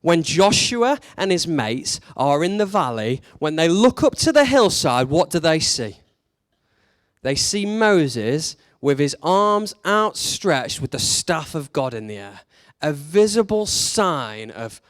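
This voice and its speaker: Candid male preacher, higher voice. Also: big pitch swings, slow pace, a bit bright, no echo, clean studio sound. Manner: conversational and candid, with rising emphatic questions. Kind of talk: sermon.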